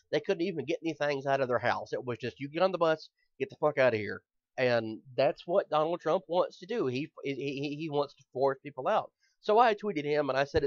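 Rambling, profane podcast host. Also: male voice, on the high side, dry recording, highs cut off. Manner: rambling, profane, stammers when worked up. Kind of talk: casual chat.

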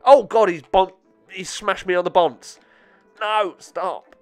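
A man giving excitable, self-mocking let's-play commentary with frequent swearing. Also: high-pitched, takes it slowly, soft background music. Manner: excitable, swearing, laughing at himself. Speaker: gaming channel host.

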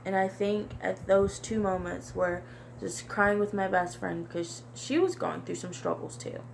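A young woman vlogger talking to camera in a halting, repetitive, soft-spoken confessional monologue. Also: mid-range voice, gravelly, slight background noise. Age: young adult.

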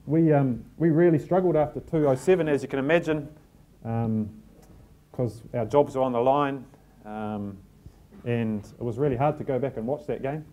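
Relaxed New Zealand man telling stories. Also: mid-range voice, moderate pace. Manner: relaxed storytelling, self-deprecating humour. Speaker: team manager giving a talk. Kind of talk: live talk to an audience. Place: packed function room.

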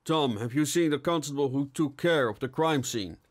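A man's voice: a little high, moderate pace, voice pushed up, close to an everyday voice. A man reading as a dry, sardonic plump police inspector. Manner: deadpan, mumbling.

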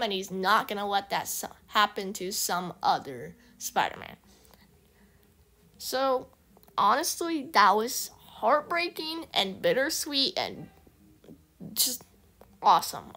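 A woman vlogger rambling excitedly through a casual movie recap, full of restarts. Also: fairly high pitch.

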